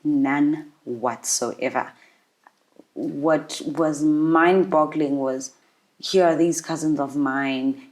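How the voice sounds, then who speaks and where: Woman, low voice, interview guest, halting emotional storytelling, frequent restarts. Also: steady tone, a little mellow. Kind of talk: personal testimony in an interview.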